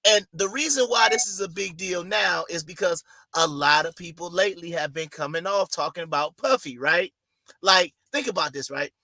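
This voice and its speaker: A man's voice: sits high, normal speed, bright, forceful tone, dry recording. A man co-hosting a casual podcast, talking loosely in slang and riffing with his co-host.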